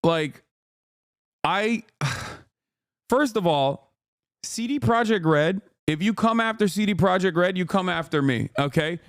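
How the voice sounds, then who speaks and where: Male streamer, high pitch, dry close mic, casual profane ranting. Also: lively intonation, slow pace, pauses often, fairly bright tone, clear, resonant tone, no room sound. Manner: ranting, profane, mocking voices in bursts. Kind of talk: casual livestream commentary.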